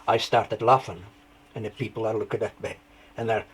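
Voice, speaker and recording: A man telling his story as an interview guest, rambling through anecdotes with restarts and lively retellings. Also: on the low side, fairly quick, slightly rough, low-quality recording. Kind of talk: conversational storytelling.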